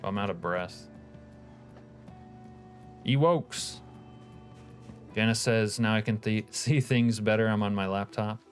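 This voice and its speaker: Male streamer, low voice, relaxed profane chat-reading banter. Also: normal speed, few pauses, soft background music. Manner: laid-back, profane, reads chat aloud. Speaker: game streamer. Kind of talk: casual live-stream commentary.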